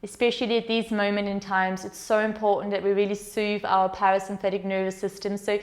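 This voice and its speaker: A woman yoga teacher leading a guided meditation with slow, soothing, gentle instructions. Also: mid-range voice, little pitch movement.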